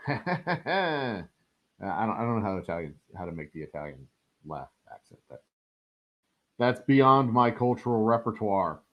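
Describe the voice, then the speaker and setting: A man hosting a live stream of a strategy game, chatting casually, rambling through jokey asides and the odd swear. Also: medium pitch. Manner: rambling, joking asides, frequent fillers. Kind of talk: casual live gameplay commentary. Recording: dull lo-fi sound.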